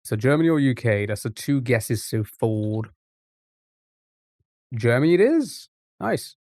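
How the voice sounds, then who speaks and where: A man of middle pitch chats his way through a live game stream, rambling and restarting his sentences as he goes. His voice sits close to the mic, dry and free of room sound. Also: sing-song, measured pace, darkish tone, no echo. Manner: rambling, chatty, trips over words. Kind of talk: casual live-stream chat.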